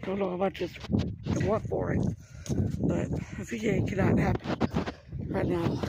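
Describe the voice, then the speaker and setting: Gravelly high-voiced man vlogging outdoors. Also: fairly even intonation, moderate pace, pauses often, heavy background noise. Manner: rambling, chatty, talks straight to viewers. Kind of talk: casual walking vlog. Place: outdoors on a neighborhood street. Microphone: phone camera held while walking.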